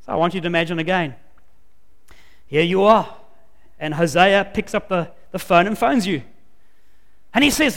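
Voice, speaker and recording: A man preaching a sermon, telling the story in an animated and emphatic way and acting out the scenes. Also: high voice, normal speed, long pauses. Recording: long hall reverb.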